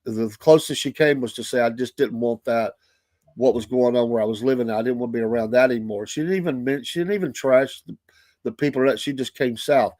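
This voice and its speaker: Middle-aged host, rambling folksy storyteller, dry close mic. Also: male voice, medium pitch, brisk, darkish tone, no echo. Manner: rambling, folksy, many restarts. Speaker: radio show host. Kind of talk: casual monologue.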